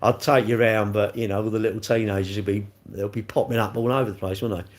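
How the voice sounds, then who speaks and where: A man's voice: on the low side, fairly even intonation, quick pace. A man rambling and joking as he answers chat comments on a live stream. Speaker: livestreamer reading chat.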